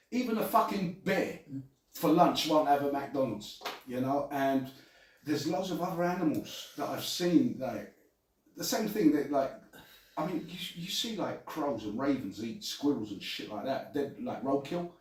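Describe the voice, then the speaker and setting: A man's voice: a little high, a little slow. Sweary man in an echoey room. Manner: animated, sweary, acts out voices in stories. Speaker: podcast host. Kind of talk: casual chat. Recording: very echoey room, distant mic, faint noise.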